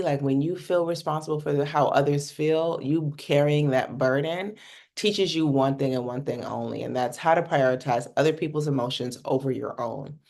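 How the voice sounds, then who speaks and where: Gravelly, mid-pitched workshop coach from North America, casual and blunt. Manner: casual and blunt, swears freely, asks "right?" often. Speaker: communication coach. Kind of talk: workshop teaching talk.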